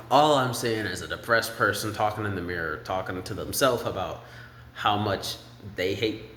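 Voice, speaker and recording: A man talks through the lyrics of a song in a loose, rambling way. His voice sits a little low and his pace is unhurried. The room around him rings with echo and a faint hiss. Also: fairly bright tone. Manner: rambling, sings snippets of lyrics in falsetto. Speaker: music commentator. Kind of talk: casual song breakdown. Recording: echoey room with faint ambience.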